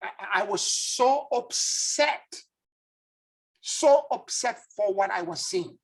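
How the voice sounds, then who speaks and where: A man's voice: high voice, animated, takes it slowly, gravelly, slightly rough, rough recording. A man, a spiritual teacher and former tarot reader, telling a story in an earnest, reflective and emotional way.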